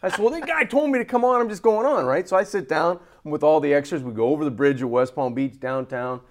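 A man co-hosting a sports talk show, telling a story in a lively way and acting out the voices of the people in it. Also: on the high side, fast talker. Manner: animated, acts out quoted voices. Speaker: co-host. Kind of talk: casual storytelling.

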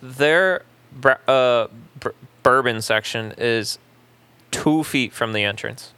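A man's voice: medium pitch, takes it slowly, pushed and bright, clear, resonant tone, no echo. A man co-hosting a podcast, chatting loosely and joking, with frequent fillers and trailing thoughts. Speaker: podcast co-host. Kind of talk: casual chat. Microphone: studio podcast mic.

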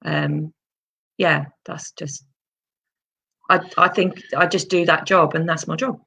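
A woman's voice: sits low, steady tone, slow, creaky, pushed and bright, slightly rough. A woman who works as an electrician, talking earnestly as a guest in a casual conversation, often restarting with you-knows.

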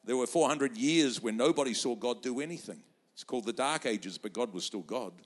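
A man's voice: medium pitch, lively intonation, brisk. A man preaching a sermon as pastor, fervent and rousing, quoting scripture and acting out voices for the crowd. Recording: reverberant hall.

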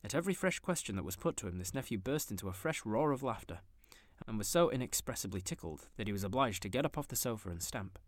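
A man reads a classic tale aloud with expressive, dramatic pacing. His voice sits a bit low and the recording is dry and close. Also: fast talker, no echo. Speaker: narrator. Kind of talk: storybook reading.

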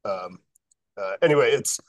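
A man with a lowish voice joins a casual podcast discussion, moving forward in halting bursts packed with "uh" and "um." His voice sounds dry and close, with no room around it. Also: animated, dry recording. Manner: halting, many "uh" and "um" restarts. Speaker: podcast guest.

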